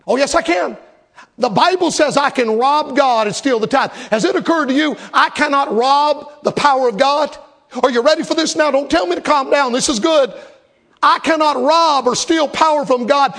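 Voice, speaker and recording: Baptist preacher guy, really high gravelly voice, dramatic revival sermon, keeps repeating himself. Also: moderate pace, fairly bright tone. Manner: emphatic, dramatic, repeats lines for effect.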